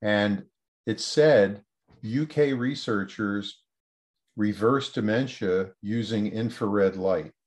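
A man's voice: lowish voice, takes it slowly. A man, a researcher, telling a story in an interview answer and acting out the quoted voices with lots of energy. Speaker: researcher guest.

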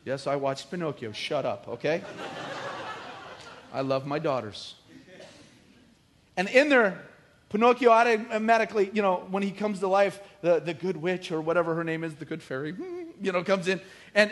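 Middle-aged man, pastor delivering a lively sermon; fairly high voice, jokes, builds to loud bursts. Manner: animated, joking preacher with rising emphatic bursts.

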